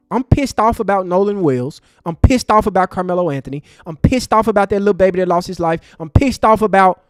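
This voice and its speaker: A man hosting a live stream, angry and passionate, cursing in street slang, with loud bursts and low mutters. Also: dry recording, clean studio sound. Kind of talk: heated live stream commentary.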